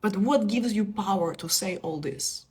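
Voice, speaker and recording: A woman in her thirties giving a casual spiritual talk on a live stream. She is playful, laughs often and moves between soft asides and emphatic bursts. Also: medium pitch, measured pace. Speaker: spiritual teacher. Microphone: phone or webcam on a live stream.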